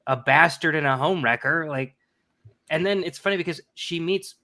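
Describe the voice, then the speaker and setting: A man's voice: a little high, moderate pace, sharp tone. A man co-hosting a casual podcast chat, telling crude stories about his wife with frequent laughs. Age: adult. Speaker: podcast co-host.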